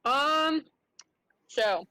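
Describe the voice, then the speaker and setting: A woman plays a tabletop game over voice chat, hesitant and full of ums. She sounds caring toward the others at the table. Her voice sits fairly high. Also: animated, very slow, bright, forceful tone. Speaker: player.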